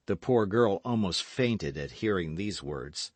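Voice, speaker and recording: A man narrating an audiobook of a classic novel in an expressive storytelling manner. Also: low-pitched, a little slow, hardly any pauses, dry recording. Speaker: audiobook reader. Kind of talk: scripted narration.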